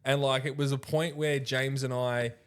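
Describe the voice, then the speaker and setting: A man's voice: medium pitch, level tone, normal speed, smooth. A man co-hosting a podcast, telling a rowdy night-out story, laughing often, swearing freely and acting out what others said. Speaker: podcast co-host. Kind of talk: casual storytelling chat.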